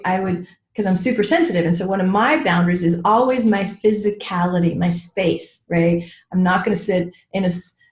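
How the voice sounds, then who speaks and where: A middle-aged woman mentoring a group on a training call, talking in a frank, chatty way with lots of "like"s and "right?" check-ins. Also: lowish voice. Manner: frank, with mild swearing. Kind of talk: teaching a group call, casual and personal. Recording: roomy echo.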